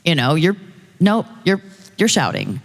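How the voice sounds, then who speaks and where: Lively woman storyteller, audience testimony, echoing hall sound. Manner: fast, lively storytelling with high-pitched acted quotes. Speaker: audience member sharing a story. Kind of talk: animated personal testimony.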